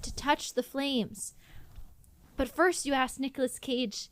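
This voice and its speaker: A high-voiced woman narrates an improvised story on a podcast, animated and laughing, often stumbling and restarting. Her voice sounds close and dry. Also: a little slow, dry recording.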